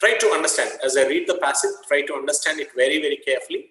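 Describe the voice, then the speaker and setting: A man's voice: on the high side, very fast, fairly bright tone. A man teaching a class, patiently explaining word meanings and slipping into Telugu glosses. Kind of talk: classroom lecture. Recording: echoey, reverberant classroom.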